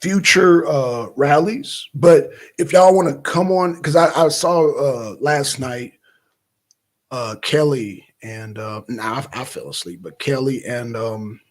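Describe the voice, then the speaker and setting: A man's voice: medium pitch, slow pace. A man hosting a livestream, talking in a loose, rambling way and calling out viewers by name. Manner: rambling, loose and talkative, shouting out viewers in chat. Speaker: livestream host. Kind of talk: casual livestream chat. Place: Atlanta, Georgia.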